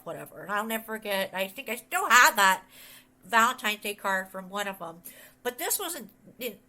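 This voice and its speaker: A middle-aged woman giving a conversational sermon as a pastor and author, telling a rambling childhood story and acting out what other people said. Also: mid-range voice. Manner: rambling, animated, quotes others in voices.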